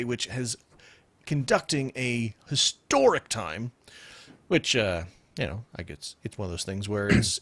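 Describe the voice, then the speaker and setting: A man hosting a casual podcast from a home computer mic, talking in an animated way and laughing often. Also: medium pitch, no room sound. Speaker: podcast host.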